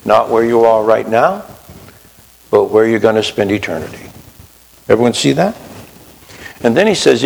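A man's voice: on the low side, lively intonation, normal speed, gravelly, long pauses. A man preaching a sermon in a conversational way, often asking his listeners questions. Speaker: pastor. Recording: long reverb of a hall.

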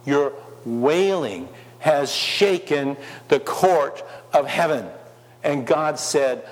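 Impassioned preacher in a reverberant hall. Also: male voice, a little high, big pitch swings, slow. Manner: impassioned, rhetorical questions, swings between loud and soft. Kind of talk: sermon.

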